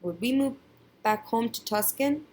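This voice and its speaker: A woman's voice: a little high, animated, measured pace, darkish tone, pitched above the performer's own voice. A woman voicing a homesick, restless young boy, eager and pleading in a storybook read-aloud.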